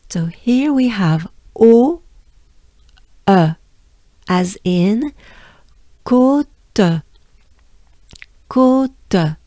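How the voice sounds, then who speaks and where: A woman's voice: fairly low pitch, gravelly, darkish tone, no echo, studio quality. A woman from France with a French accent, patiently teaching pronunciation and repeating sounds many times. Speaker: pronunciation coach. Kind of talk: pronunciation lesson.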